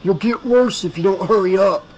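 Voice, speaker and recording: A man's voice: sits high, slow pace, breathy edge, pitched above the performer's own voice, exaggerated voice, poor audio. A man voicing a menacing bullying teenage boy, harsh and barking. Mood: snarling.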